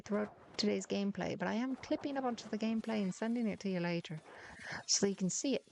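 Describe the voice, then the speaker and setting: A woman's voice: medium pitch, a little fast, gravelly, a little mellow, slight background noise. A woman chatting casually through her gameplay, teasing and muttering to herself as she plays. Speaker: gaming streamer.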